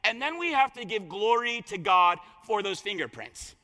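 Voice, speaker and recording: A man preaching a sermon, retelling a scripture story with lively voiced quotes. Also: sits high, normal speed. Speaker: pastor. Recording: long reverb of a large hall.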